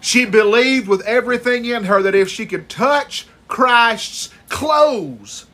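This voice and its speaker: A man preaching an impassioned sermon, stretching key words and rising to shouts at the high points. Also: takes it slowly.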